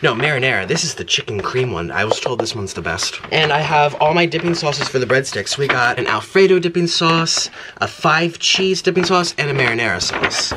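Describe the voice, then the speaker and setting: A man hosting a food-eating vlog, chatting excitedly with viewers as he unboxes gifts and shows his food. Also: medium pitch, fairly quick. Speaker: mukbang host. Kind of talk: casual vlog chat while unboxing and eating. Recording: noticeable background noise.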